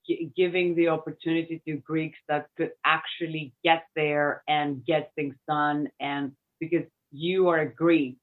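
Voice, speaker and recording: A woman's voice: sits low, level tone, a little slow, few pauses. A woman who is a guest in a casual chat, speaking hesitantly with many fillers. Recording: tinny phone-like line.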